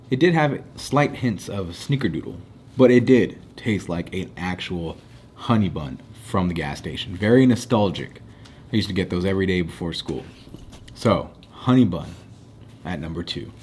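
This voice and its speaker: There's a faint hum as a man with a fairly low, darkish voice works through cookie ratings in a casual food chat. He's easygoing, chatting loosely and slowing down whenever he gives a score.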